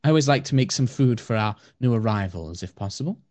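A man voicing a soft-spoken, gentle, hesitant blind wood elf priestess in a fantasy game. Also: mid-range voice, animated, fast, no room sound, natural voice.

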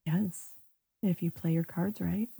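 A woman's voice: fairly low pitch, fairly even intonation, measured pace, gravelly, dark tone, husky, heavily acted. A woman voicing a cheeky, playful female cat-folk sorcerer in a tabletop game. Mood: eager.

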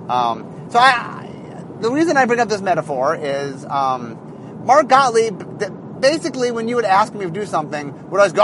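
A man's voice: high-pitched, big pitch swings, normal speed, a bit bright, slight background noise. A man, a head designer, talking in a rambling casual monologue with many fillers and restarts, recorded in a car.

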